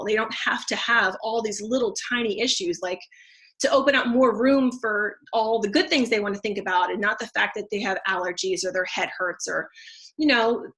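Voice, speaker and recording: Bright, chatty woman sharing her story. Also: a little high. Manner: chatty and effusive, many fillers and restarts. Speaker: teacher and essential oils seller. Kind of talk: casual testimonial talk.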